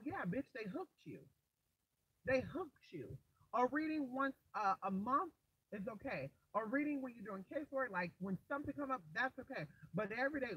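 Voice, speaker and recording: A man's voice: very high voice, animated, a little fast, bright, forceful tone, husky, dry recording, far from the mic. A man, a spiritual vlogger in a sassy, profane casual rant, calling listeners honey and girl. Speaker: spiritual vlogger answering viewers. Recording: muffled, noisy with traffic behind, off-mic.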